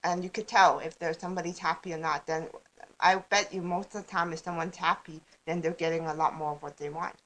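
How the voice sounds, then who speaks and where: A woman with a somewhat low voice talks as a guest on a casual podcast. She rambles, breaks off and restarts her sentences, and laughs easily as she explains her ideas. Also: fairly even intonation, fairly quick, fairly bright tone. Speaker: guest speaker on law of attraction.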